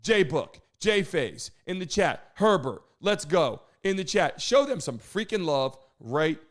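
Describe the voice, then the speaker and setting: A man hosting a live stream, hyping the chat, shouting out viewers and talking loosely with some swearing. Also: fairly high pitch, sing-song, measured pace. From United States.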